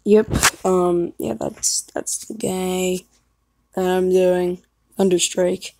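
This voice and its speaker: A woman chatting casually to her viewers in a rambling, hesitant way with many pauses. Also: lowish voice, flat delivery, warm tone. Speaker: voice actor vlogger. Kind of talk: casual vlog chat.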